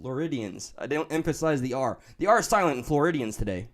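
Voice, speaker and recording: A man's voice: fairly high pitch, animated, quick pace. A man with a New York accent hosting a livestream, reading chat and talking candidly, swearing and joking as he rambles.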